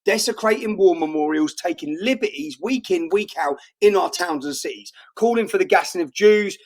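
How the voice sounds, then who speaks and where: A man's voice: high voice, moderate pace, a little mellow. A middle-aged British man speaking in a heated interview, indignant and emphatic, often repeating himself. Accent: British English. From England. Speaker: guest.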